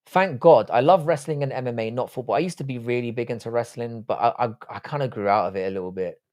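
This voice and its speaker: A man's voice: mid-range voice, fast, darkish tone, no room sound, clean studio sound. A man in his forties who grew up in England, hosting a live stream and reading viewer comments in crude, profane banter.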